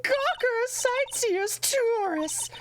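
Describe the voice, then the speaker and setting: A shrill, posh old lady guard. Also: lively intonation, drawn-out words, a little hiss or hum, exaggerated voice. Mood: scolding. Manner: rambling, haughty, scolding. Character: shrill older woman security guard, nosy and bossy. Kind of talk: game dialogue read aloud in voices.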